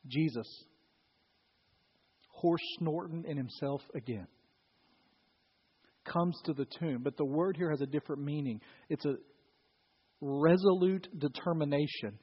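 A man's voice: on the high side, husky. A man preaching a sermon to a congregation, telling the story with acted-out voices and questions to the audience. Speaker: pastor. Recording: dull, echoey hall recording. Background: live congregation.

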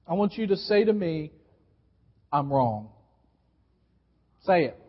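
A high-pitched man preaching to a congregation, hammering his points with repetition and calling for responses. His voice rings with a long church reverb. The live recording sounds dull and muffled. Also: fairly quick. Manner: emphatic, repeats key phrases, coaches the congregation to respond. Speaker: pastor. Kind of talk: sermon. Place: church sanctuary.

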